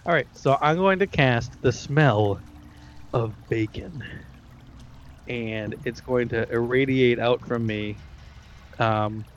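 A man playing a tabletop game, talking in a halting way with fillers. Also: medium pitch, lo-fi sound, slight background noise. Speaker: player. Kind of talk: casual tabletop play.

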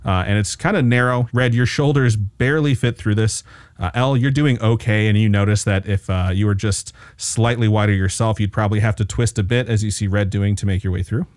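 A man narrating a tabletop game as game master, describing scenes in a relaxed way with frequent fillers. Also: fairly low pitch, brisk, no echo, clean studio sound.

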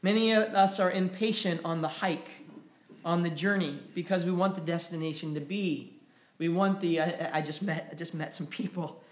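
A man preaching a sermon to his church, growing loud and impassioned when he drives a point home. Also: fairly high pitch, steady tone, moderate pace, echoey room. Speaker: pastor. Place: church sanctuary.

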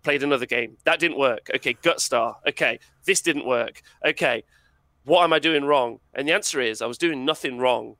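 A man's voice: mid-range voice, moderate pace, bright, forceful tone, no room sound. A man talking as a podcast guest in casual, emphatic conversation, laughing often. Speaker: podcast guest, wargaming content creator.

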